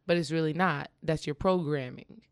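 Woman, earnest conversational advice, smooth clear voice, somewhat low pitch, dry close sound. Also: normal speed, no echo. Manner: earnest, emphatic, coaching the listener with "okay?"; acts out quoted dialogue in lively voices.

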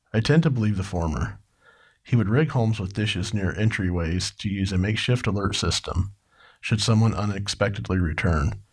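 A man co-hosting a true crime podcast, reading parts of a case and asking his co-host questions about it. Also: lowish voice. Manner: questioning, conversational. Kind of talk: true crime narration and discussion.

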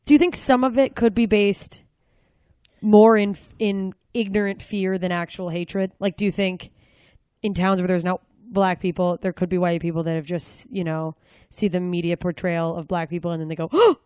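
A woman's voice: lowish voice, little pitch movement, moderate pace, warm tone, smooth, dry recording, studio quality. A woman hosting a casual interview, curious and asking probing follow-up questions. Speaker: host.

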